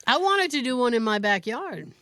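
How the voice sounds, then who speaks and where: A woman co-hosting a chatty podcast. She tells family stories with plenty of laughter. Her voice sits a little high and is recorded close and dry, with no room sound. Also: moderate pace, dry recording. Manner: animated storyteller, laughs often, acts out quotes. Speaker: podcast co-host. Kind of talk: casual storytelling chat.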